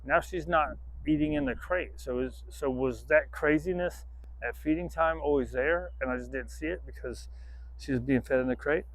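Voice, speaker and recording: A man's voice: on the high side, lively intonation, normal speed, creaky. A man training a dog outdoors, rambling casually to the camera, swearing freely and breaking off to give the dog commands.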